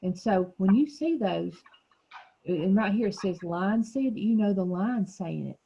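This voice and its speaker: A woman's voice: medium pitch, lively intonation, measured pace, gravelly, mellow, husky. A woman who teaches a children's reading group. She prompts and encourages the children patiently. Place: classroom. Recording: dull lo-fi classroom recording.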